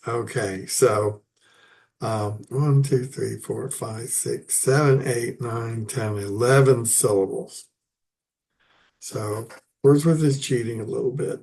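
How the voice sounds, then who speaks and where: A man giving a casual, halting lecture on poetry, with many fillers and restarts. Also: mid-range voice, creaky, a little mellow. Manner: halting, many fillers and restarts, chuckles at his own asides. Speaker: literature teacher.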